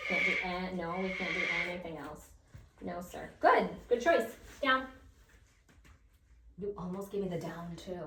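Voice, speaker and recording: A woman dog trainer explaining a session while coaching the dog with quick commands and bright praise. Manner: talks to the dog between explanations, high praise bursts. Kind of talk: casual training commentary. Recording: echoey room from far off, faint noise.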